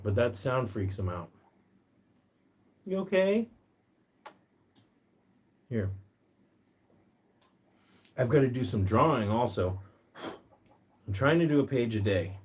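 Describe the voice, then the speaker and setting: A man hosting a casual livestream, chatting and reading viewer comments aloud, sometimes jumping into a high sing-song voice to coax his pet bird. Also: a little mellow, breathy edge. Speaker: pet rescue livestream host.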